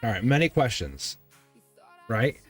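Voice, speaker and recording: A man's voice: medium pitch, sing-song, unhurried. A man hosts a live tarot stream, talking in a loose, rambling way that keeps circling back to reassure his viewers. He checks in with the audience over and over. Faint music plays underneath his voice. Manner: loose, rambling, encouraging, often checking in with "right?". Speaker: tarot reader and channel host.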